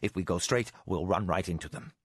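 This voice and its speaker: A cool-headed spy master who keeps his words few and his voice down low, as a male narrator puts him on. He sounds dark and flat in a dry, close audiobook read, every line clipped and measured. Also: slightly rough, dry recording. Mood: hushed. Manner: low, hushed and terse. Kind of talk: audiobook character voice.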